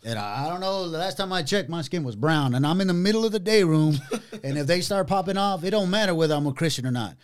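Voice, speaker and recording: A middle-aged man, a pastor telling his testimony in a casual podcast conversation, animated and full of slang. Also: fairly high pitch, clear, resonant tone. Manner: animated storytelling, drawn-out words, casual slang.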